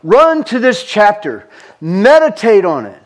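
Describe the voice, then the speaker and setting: A man's voice: sits high, very animated, unhurried. A man with a Southern US accent preaching a fervent sermon, repeating words for emphasis. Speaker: pastor.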